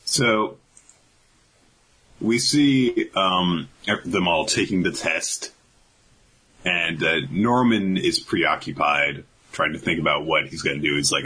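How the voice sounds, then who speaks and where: A man's voice: low voice, slow, slightly rough, rough recording. A man casually recapping a comic chapter on a podcast, acting out the characters as he goes. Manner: animated retelling, acts out characters. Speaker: podcast co-host.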